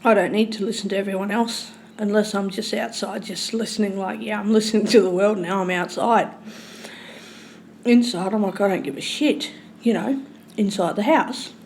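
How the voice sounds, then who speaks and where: A woman's voice: mid-range voice, steady tone, moderate pace, a little hiss or hum. Woman rambling and swearing. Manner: rambling, swears freely, swings between loud and hushed. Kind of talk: casual storytelling monologue.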